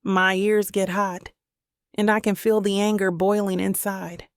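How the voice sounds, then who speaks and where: Woman narrator for a romance audiobook, slight fry, dry close sound, dramatic read. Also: mid-range voice, level tone, measured pace, dry recording. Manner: dramatic, voices characters' lines with emotion.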